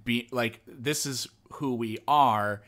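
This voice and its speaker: A man's voice: mid-range voice, slow, a bit bright. A man hosting a casual podcast conversation, reflective and thinking aloud as he talks. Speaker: podcast host.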